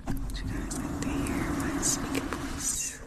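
A young woman whispering gently and repeating soft phrases as an ASMR live streamer. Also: slow. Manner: gentle, repetitive, soothing whispers.

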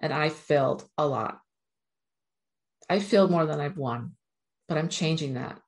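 A woman with a low, deep-set voice speaks straight to her viewers in an earnest, encouraging motivational talk. She addresses them directly and keeps urging them on. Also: unhurried, a little mellow. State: near tears at moments. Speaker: self-help speaker.

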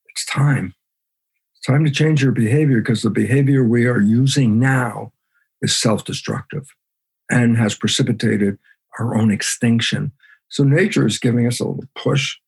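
A man's voice: medium pitch, darkish tone, breathy edge. A man being interviewed as a guest biologist, talking emphatically and animatedly. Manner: emphatic, acts out his own side of conversations.

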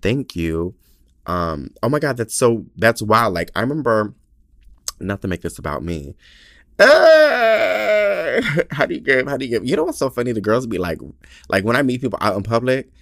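A man's voice: lowish voice, animated, a little fast, fairly bright tone, no room sound, studio quality. A man hosting his own podcast, talking in a casual, candid and profane way and joking about himself, into a small mic. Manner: chatty, candid and profane, self-mocking. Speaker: podcast host. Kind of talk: casual chat.

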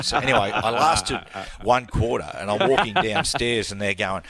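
Lively Australian man telling yarns. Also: fairly low pitch, a little fast, few pauses, no room sound. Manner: animated storyteller, acts out quoted people. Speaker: radio co-host. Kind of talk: casual sports radio chat.

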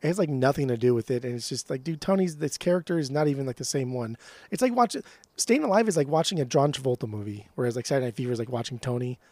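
A man co-hosting a podcast, giving loud, profane, emphatic opinions in casual chat. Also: medium pitch, lively intonation, racing, no echo. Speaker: podcast co-host.

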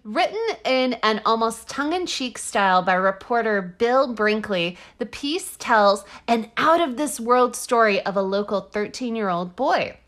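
Bright-voiced woman podcast co-host. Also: fairly high pitch, lively intonation, measured pace, few pauses. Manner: laughs often, swears casually, stumbles while reading. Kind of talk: casual chat and reading aloud.

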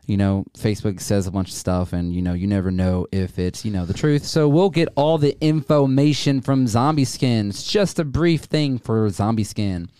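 A man co-hosts a casual podcast in a low, mellow voice, swearing freely and tripping over his words. His voice comes across smooth and close, with a dry, dead sound. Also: moderate pace, hardly any pauses, no echo. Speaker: podcast co-host.

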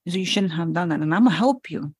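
A woman's voice: on the low side, expressive, fast talker, a little mellow, breathy edge, no room sound. A woman in her thirties, a podcast co-host, chatting candidly and telling stories about her children. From New York. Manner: candid, storytelling, acts out her kids' lines. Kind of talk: casual chat.

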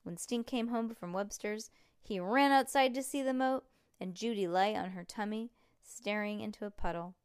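Smooth-voiced woman reading a children's book. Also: medium pitch, moderate pace, no echo, clean studio sound. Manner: playful, chats between passages.

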